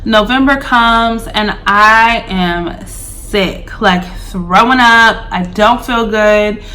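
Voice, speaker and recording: A young woman in her twenties tells a storytime to her viewers. She speaks slowly with a bright, forward tone. Her delivery is chatty and loose, scattered with fillers as she talks straight to the audience. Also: medium pitch. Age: 20s. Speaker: vlogger. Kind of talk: casual storytime.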